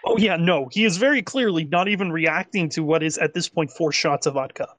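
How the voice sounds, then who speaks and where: A man narrating as game master in a tabletop game, rambling and animated, with many fillers. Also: a little high, a little fast.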